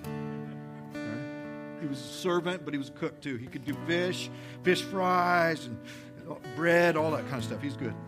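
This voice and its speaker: A man, a pastor, preaching a conversational, energetic sermon in a church, repeating his phrases for effect. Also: fairly high pitch, measured pace. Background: soft guitar music.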